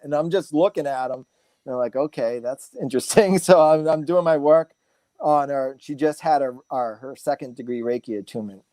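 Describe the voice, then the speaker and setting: A man in his forties, a guest speaker, telling stories in a relaxed, rambling way full of fillers and restarts. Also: medium pitch, no room sound. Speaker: guest speaker, massage therapist. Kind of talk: casual storytelling interview.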